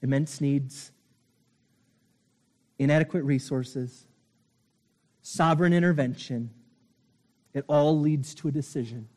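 A man preaching a sermon with a mellow, dark-toned voice pitched a little high. He moves between excited bursts and low, hushed intensity to drive his points home. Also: slow pace, long pauses. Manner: dramatic, swings from loud excitement to hushed intensity. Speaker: pastor.

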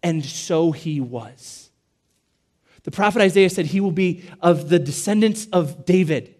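Emphatic preaching man, high and mellow. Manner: emphatic, repetitive preaching with slow stressed phrases and sudden drops. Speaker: pastor. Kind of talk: sermon.

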